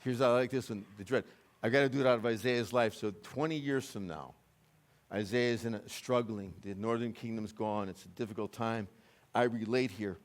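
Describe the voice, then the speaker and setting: An American man preaching a sermon in a church, moving between quiet conversational asides and loud, urgent climaxes. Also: moderate pace. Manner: impassioned, rising to loud urgent peaks then dropping low and conversational. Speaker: guest preacher. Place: church sanctuary.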